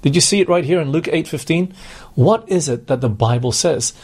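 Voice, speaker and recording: A man's voice: fairly high pitch, brisk, a little mellow, breathy edge. A man preaching a sermon, earnestly putting questions to his congregation.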